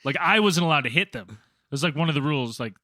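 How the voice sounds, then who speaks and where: A man with a high, bright voice spins a crude story in casual podcast chat, swearing freely and raising his voice to act out what people said. The sound is close and dry. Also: fast, no room sound. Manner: animated, profane, acts out quotes loudly. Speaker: podcast co-host.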